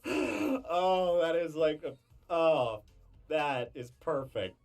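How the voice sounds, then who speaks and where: A man's voice: a little high, extremely slow, a little mellow, faint music behind. A man cracking up and cursing through his own recording outtakes. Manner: profane, laughing at his own mistakes. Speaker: voice actor in a blooper reel. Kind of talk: casual blooper outtakes.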